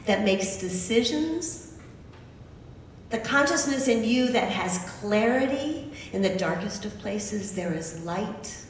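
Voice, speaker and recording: A woman's voice: a little high, distant mic, slight background noise. A woman preaching in an echoey hall. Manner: animated, emphatic storytelling with asides. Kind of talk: sermon. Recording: echoey hall recorded from afar.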